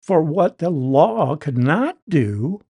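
Slow, emphatic man teaching scripture. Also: a little high, sing-song, warm tone, husky. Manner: explanatory, emphatic on key words. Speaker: Bible teacher. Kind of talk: verse-by-verse Bible teaching.

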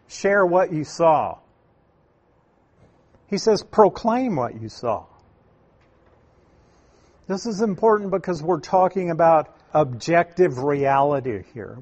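A man teaching from the Bible, explaining Greek wording in a deliberate, emphatic way and asking rhetorical questions. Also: on the high side. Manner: emphatic, repeats key points, asks rhetorical questions; slow, deliberate delivery with stressed words.

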